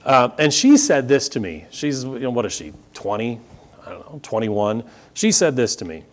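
A male pastor preaching a sermon in a church in a relaxed, conversational way, with chuckles and casual asides to the congregation. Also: medium pitch, normal speed. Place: church sanctuary.

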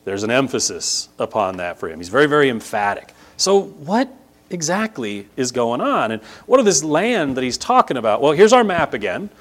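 A man's voice: medium pitch, sing-song, normal speed. A man teaching a casual Bible lesson from a map. He talks in a conversational way, often checks in with "right?" and leans on key words for emphasis.

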